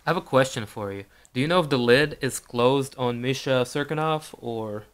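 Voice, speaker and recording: A man co-hosting a casual sports podcast, speaking in a measured, easygoing way. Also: mid-range voice, clean tone. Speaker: podcast co-host. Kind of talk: casual chat.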